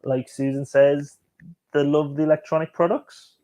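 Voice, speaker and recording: Mellow-voiced chatty male stream host. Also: a little high, steady tone, moderate pace. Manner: chatty, joking, often laughing, reads out viewer comments. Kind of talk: casual live-stream chat reacting to music videos.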